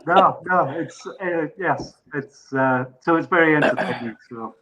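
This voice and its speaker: An Englishman with a slightly raised voice, guesting on a chat podcast. He spins his anecdote with lively energy and laughs as he goes. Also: on the high side, measured pace, dull audio. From England. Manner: animated anecdote telling with laughter. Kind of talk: casual chat.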